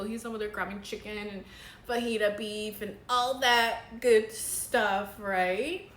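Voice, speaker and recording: A woman's voice: mid-range voice, fairly even intonation, takes it slowly, a bit bright, roomy sound, a little hiss or hum. A young woman, a makeup artist, telling a dramatic story in casual, chatty vlog style. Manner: chatty, dramatic, says girl a lot.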